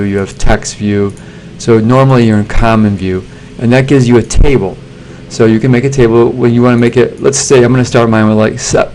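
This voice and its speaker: A man, a teacher talking students through a software assignment in a relaxed screencast with plenty of fillers. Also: mid-range voice, a little hiss or hum. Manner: relaxed, plain instructions with fillers.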